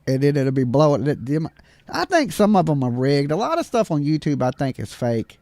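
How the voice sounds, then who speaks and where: Fast-talking slangy man, dry mic. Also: a little high, big pitch swings, darkish tone, no echo. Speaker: panelist on a live stream. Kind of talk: casual chat.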